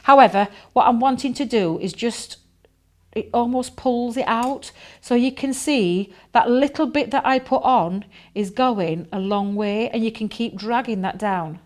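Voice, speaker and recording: A woman's voice: fairly high pitch, a little slow. Chatty woman demonstrating crafts. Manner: chatty, enthusiastic, thinks aloud while working.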